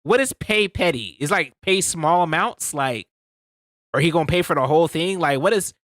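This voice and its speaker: A man's voice: a little high, lively intonation, moderate pace, a bit bright, no room sound, studio quality. A man streaming, reacting to a clip in a casual, slangy way, often laughing.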